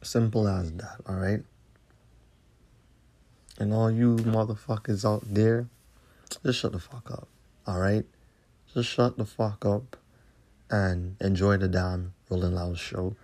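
Podcast host, male, deep and dark, confrontational and profane. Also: fairly even intonation, takes it slowly, long pauses. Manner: profane, confrontational ranting with repeated tag questions. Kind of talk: solo podcast rant.

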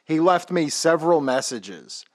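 A man's voice: on the high side, lively intonation, unhurried. A man hosting a podcast in casual chat, laid-back and joking, with a lot of swearing. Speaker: podcast host.

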